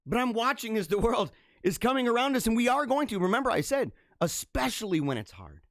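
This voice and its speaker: A man's voice: extremely high pitch, fast talker, dry recording. Fervent preaching man, dry close sound. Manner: fervent, preachy, swings from hushed to loud. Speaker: host of a live religious show. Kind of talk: impassioned live-stream monologue.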